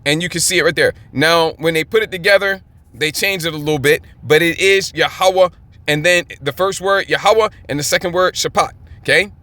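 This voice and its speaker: A man's voice: on the high side, a little fast, bright, forceful tone, no echo. A man teaching scripture in a fired-up, emphatic way, often checking in with his listeners. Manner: emphatic, keeps checking in with "okay?". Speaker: Bible teacher.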